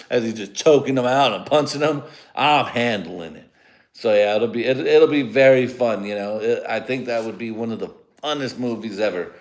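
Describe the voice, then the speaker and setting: A man's voice: mid-range voice, moderate pace. A man who grew up speaking Spanish, hosting a rambling, profane solo comedy podcast from his home garage. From United States. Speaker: podcast host.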